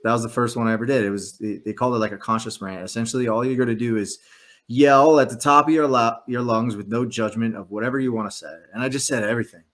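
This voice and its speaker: A man's voice: medium pitch, steady tone, quick pace, a bit bright. A man who is an author and podcast guest, speaking earnestly and openly about hard personal times. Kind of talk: personal story in an interview.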